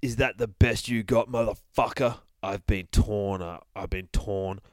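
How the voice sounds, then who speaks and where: Man playing a grim teddy bear avenger, low voice, slow and threatening, dry close mic. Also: fairly even intonation, darkish tone, no room sound, close to an everyday voice. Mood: menacing. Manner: slow, low, menacing growl. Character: vengeful, foul-mouthed male teddy bear warrior.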